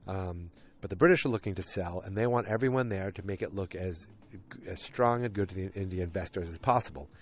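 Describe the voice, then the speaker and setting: Low-voiced man rambling through a recap. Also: fairly quick, slight background noise. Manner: rambling, with many fillers and restarts; self-deprecating. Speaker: podcast host. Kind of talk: casual episode recap.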